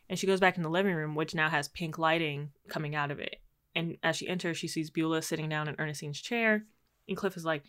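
A woman's voice: low voice, steady tone, fairly quick, sharp tone. A woman co-hosting a casual chat, animatedly retelling a TV episode and acting out the characters' lines. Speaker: podcast co-host. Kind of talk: casual chat recapping a TV show.

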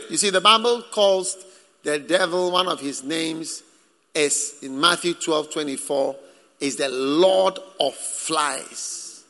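A man preaching at a slow, deliberate pace, his voice gravelly with fry. He jokes with the congregation, and his words ring out with long reverb in a large church hall. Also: a little high. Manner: lively, joking with the congregation. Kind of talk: sermon.

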